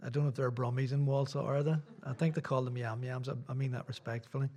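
Middle-aged Irish preacher, chatty and rambling, mid-pitched male voice, church talk. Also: flat delivery, fast, a little mellow. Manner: rambling, self-deprecating, chatty asides. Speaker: visiting preacher. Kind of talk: sermon with casual chat.

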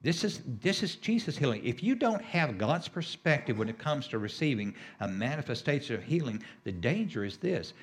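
A man's voice: medium pitch, big pitch swings, moderate pace, few pauses. A middle-aged man preaching a sermon as a healing minister, emphatic and repetitive, with sudden rises on key phrases.

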